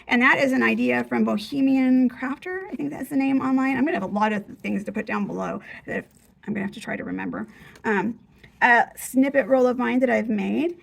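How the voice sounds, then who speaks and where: A woman's voice: on the high side, gravelly. A middle-aged woman chatting casually and gushing as she flips through her handmade craft journal. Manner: chatty, gushing, restarts mid-phrase.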